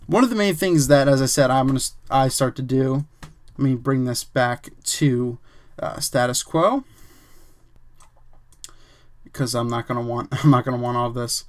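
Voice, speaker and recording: A man casually teaching a photo editing technique step by step, thinking aloud with fillers and the odd "bam". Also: medium pitch. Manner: relaxed, chatty, says "bam" and "um", thinks aloud while working. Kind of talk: casual screen-recorded tutorial.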